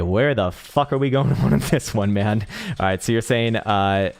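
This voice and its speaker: A young man with a fairly low voice runs a live crypto trading stream. He talks chart analysis in a loose, animated way, swearing freely and laughing often as he goes. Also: a little slow, vocal fry. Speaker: crypto trading livestream host. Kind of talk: casual live market analysis.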